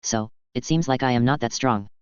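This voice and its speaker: A man's voice: medium pitch, a little fast, clean tone, dry recording, natural voice. A man voicing a sly, battle-hungry adult male fighter who muses to himself, in a plain reading voice. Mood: tense musing. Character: thrill-seeking adult male fighter, unsettled. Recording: dull, dry lo-fi sound.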